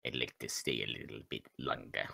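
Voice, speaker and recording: A man reading aloud as a shy, anxious teenage girl from a game, slow and hesitant. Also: rumbling low, steady tone, vocal fry, pushed and bright, no room sound, pitched below the performer's own voice, exaggerated voice. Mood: timid. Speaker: streamer reading game dialogue. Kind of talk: reading visual novel lines aloud.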